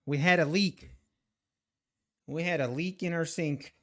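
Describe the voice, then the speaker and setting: A man's voice: fairly high pitch, fairly even intonation, measured pace, fairly bright tone. A man hosting a live trading stream, chatting casually with viewers, sighing and teasing, out of breath. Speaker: trading livestream host. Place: home.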